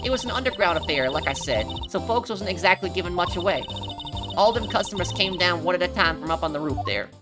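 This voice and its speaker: A woman voicing a brash, folksy young woman photographer with a put-on Southern drawl, pitched above her own voice. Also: lively intonation, fast talker, over music, lightly acted. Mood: evasive. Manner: chatty, folksy, higher than her own voice. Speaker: game voice-over player.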